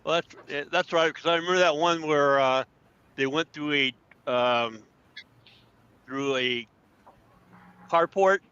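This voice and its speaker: A man's voice: on the high side, a little slow, pauses often, pushed and bright, clean tone, dry recording. A man co-hosting a casual podcast, rambling and trailing off with lots of ums. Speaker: podcast co-host. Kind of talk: casual chat. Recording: dull lo-fi sound.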